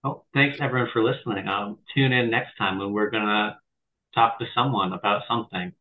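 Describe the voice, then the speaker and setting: Low-voiced man over a tinny line. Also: brisk. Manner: relaxed, enthusiastic and joking. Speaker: podcast host. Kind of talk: casual podcast chat. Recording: tinny phone-like call line.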